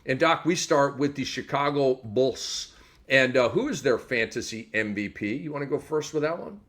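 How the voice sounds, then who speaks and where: A man hosting a fantasy basketball podcast, energetic and joking, with many fillers and restarts. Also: medium pitch, moderate pace. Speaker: podcast host. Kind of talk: casual sports podcast chat.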